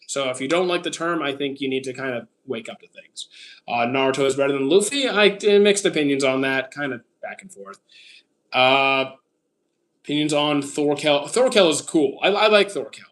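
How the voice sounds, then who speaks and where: A man in his thirties from Canada chats casually with his livestream audience. His voice sits a little high for a man. He picks up viewer questions one at a time and answers them in short, plain replies, often with an "uh" before he starts. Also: normal speed, a bit bright. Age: 30s. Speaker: streamer answering chat.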